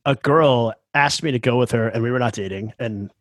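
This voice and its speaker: A man hosts a relaxed podcast quiz, cracking jokes and laughing between questions. His voice is mid-pitched and a bit husky. The sound is close and dry. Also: a little fast, no room sound. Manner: joking, laughs often. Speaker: podcast host running a quiz game. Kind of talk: casual chat.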